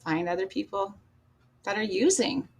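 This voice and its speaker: A woman's voice: medium pitch, moderate pace, a little mellow, slight background noise. A woman, a podcast guest, telling her life story candidly, bluntly and with swearing, acting out old conversations. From Canada. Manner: blunt and profane, acts out past dialogue, laughs at herself.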